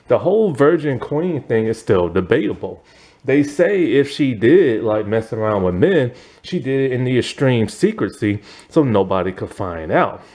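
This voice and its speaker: Dude rambling about a tv show, voice swings up and down a lot, tons of "like" and "you know". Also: male voice. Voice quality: chatty, filler-heavy, meandering, with "like" and "you know". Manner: animated, swooping pitch. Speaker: TV review vlogger. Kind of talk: casual chat.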